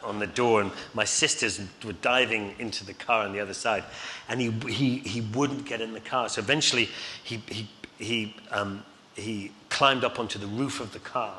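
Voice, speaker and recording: A man's voice: lowish voice, fairly even intonation, normal speed, pushed and bright. A middle-aged man telling rambling, chuckling anecdotes on stage as a guest, with many fillers. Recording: reverberant hall, faint noise.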